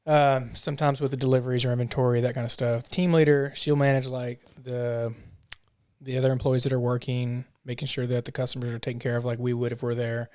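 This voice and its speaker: A man's voice: mid-range voice, level tone, fast, a little mellow, clean tone, dry recording, clean studio sound. A man who owns a coffee shop, a podcast guest explaining things in a plain, matter-of-fact way. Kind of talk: casual interview answers.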